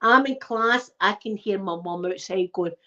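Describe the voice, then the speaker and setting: Animated Scottish woman telling stories. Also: mid-range voice, moderate pace, highs cut off. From Scotland. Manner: animated, emphatic, repeats herself. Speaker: channel host. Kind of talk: casual storytelling to a live chat.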